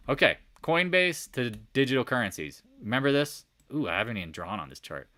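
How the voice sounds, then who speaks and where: A man hosting a casual market recap, talking through charts with jokey asides, swearing and sudden loud outbursts. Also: lowish voice, big pitch swings, brisk, no room sound. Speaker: stock market recap host. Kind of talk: casual screen-share chart commentary.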